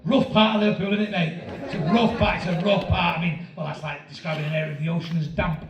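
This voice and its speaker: A man in his fifties doing a stand-up comedy set, telling a story with animated delivery and loud shouting bursts. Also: a little high, fast, muffled recording. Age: 50s. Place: comedy venue with live audience. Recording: roomy live-venue sound from a distance with crowd. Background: audience laughter.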